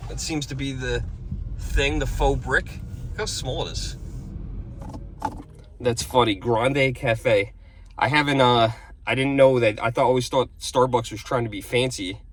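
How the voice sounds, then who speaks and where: A man's voice: mid-range voice, steady tone, measured pace, long pauses, slight background noise. A man talking casually to camera in a rambling, chatty way, often chuckling between stories. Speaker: vlogger.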